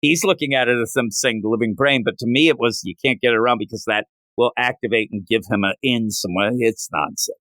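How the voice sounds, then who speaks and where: A man's voice: fairly quick, no echo. A man casually chatting through a comic book review, joking and acting out the characters' lines. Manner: animated, jokey, acts out quotes with big pitch jumps.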